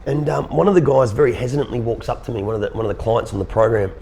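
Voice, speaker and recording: An Australian man in his thirties, an interview guest telling a personal story in an earnest, halting way, often repeating words. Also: medium pitch, gravelly, mellow, a little hiss or hum.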